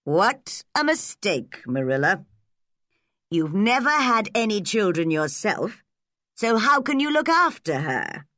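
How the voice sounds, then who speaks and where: A meddling older village gossip from a storybook reading, as a woman narrator puts her on, blunt and disapproving. Her pitch rises and falls a lot, and she speaks slowly. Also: big pitch swings, bright, forceful tone, no room sound, clean studio sound, heavily acted.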